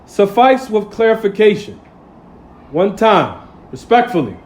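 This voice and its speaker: Speaking high, a little fast and with a darkish tone, a man gives a Friday sermon in casual street English. He fires rhetorical "what?" questions at the audience in call-and-response style and acts out small everyday scenes.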